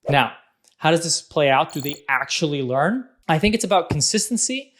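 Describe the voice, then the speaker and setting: A man in his thirties talks straight to his audience about raising kids, with a fairly high voice. He speaks in a casual, animated way and slips into little acted-out quotes as he goes. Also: moderate pace. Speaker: parenting vlog host. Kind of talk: casual advice monologue.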